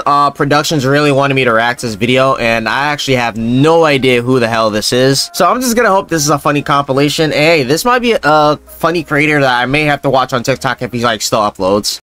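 A man's voice: mid-range voice, normal speed, hardly any pauses, a bit bright. A man hosting a reaction video, talking casually and rambling through repeated asides.

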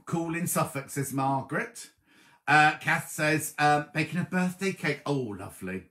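A man hosting a casual live stream from home, chatting warmly and reading out viewers' comments, with a slight cough. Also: a little high, a little slow. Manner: chatty, affectionate, reads viewers' comments aloud. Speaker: livestream host.

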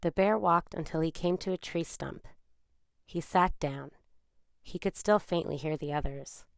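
A woman with a low, gravelly voice reads a children's story aloud in a calm, measured way. The sound is close and dry. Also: no room sound. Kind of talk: children's read-aloud narration.

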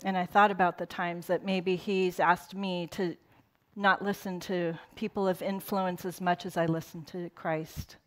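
A woman's voice: lowish voice, little pitch movement, a little slow, a bit bright. A middle-aged woman preaching a sermon to a congregation. She talks in a loose, conversational way, with playful asides and bits of laughter. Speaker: pastor.

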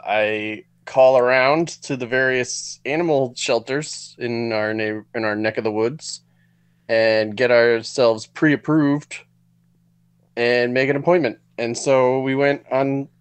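A man's voice: medium pitch, clean tone. A man on a podcast, casually telling a personal story. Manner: chatty anecdote-telling. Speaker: podcast co-host.

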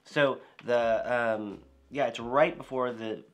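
A man's voice: mid-range voice, slow. Laid-back guy from houston trying snacks, lots of likes and ums. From Houston, Texas. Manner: relaxed, hesitant, lots of "like" and "um". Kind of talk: casual taste-test chat.

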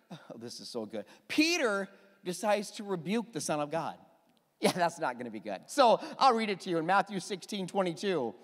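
A man preaching a sermon as pastor, emphatic and animated, with quick asides to the congregation. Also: high voice, long reverb tail.

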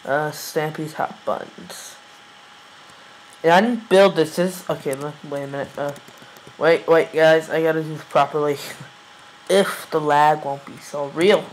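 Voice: mid-range voice, fairly even intonation, unhurried, a little hiss or hum, low-quality recording. A young gamer giving casual, rambling gameplay commentary, giggling and hesitating often. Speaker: let's play gamer.

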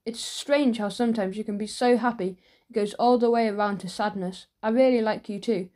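Woman reading as a shy rich schoolboy, earnest, quick, soft warm tone, storybook. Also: medium pitch, fairly even intonation, natural voice. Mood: sorrowful.

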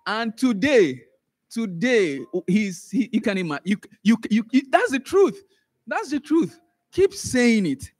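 A man teaching a Sunday school class. He repeats words, restarts phrases and swings up sharply in pitch and loudness when he stresses a point. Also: unhurried, no echo. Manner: animated, rises sharply in pitch and volume for emphasis, trails off in asides. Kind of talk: church Bible teaching.

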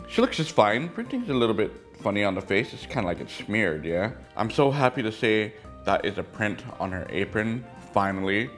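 A man's voice: fairly low pitch, fairly bright tone. A man hosting a casual toy review, chatty and joking as he goes over each piece.

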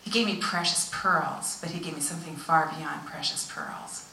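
A woman pastor preaches a story-driven sermon, animated and then hushed for emphasis. Her voice is bright and forceful, slightly low. It carries from a distance through an echoey church hall with faint room noise. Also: normal speed, vocal fry. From United States. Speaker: visiting pastor, missionary.

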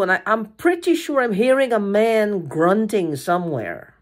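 A woman's voice: mid-range voice, very animated. A woman talking to the camera in an agitated, frustrated way, swearing, restarting sentences and repeating herself. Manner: halting restarts and repeated phrases. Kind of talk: casual vlog monologue.

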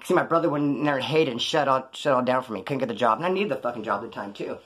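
A man's voice: medium pitch, rapid-fire, a bit bright, husky. A man telling his own prison and street stories in a slangy, profane way, acting out the people he quotes. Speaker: former inmate telling his story. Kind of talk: casual storytelling.

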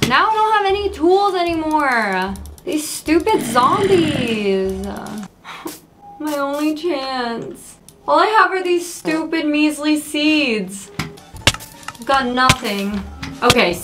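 A young woman giving casual, excitable commentary while playing a video game for the first time, yelping at enemies. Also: sits high, takes it slowly, over music. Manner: excitable, yelps and scolds at enemies. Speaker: gaming creator. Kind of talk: casual let's play commentary.

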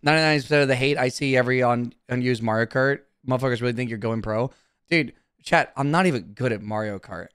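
A man's voice: mid-range voice, fast, fairly bright tone, clean tone, no room sound, clean studio sound. A young man streaming casually, talking to his chat in a brash, profane, defensive way.

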